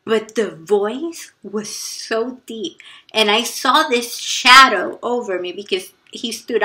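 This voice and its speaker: Slow-talking woman telling a personal story. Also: on the high side, bright, forceful tone. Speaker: vlogger.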